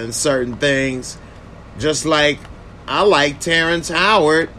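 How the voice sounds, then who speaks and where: In a casual reaction video, a man reviews a TV episode and fields viewer comments conversationally. His mid-range voice is bright and forceful, over a slight hiss or hum.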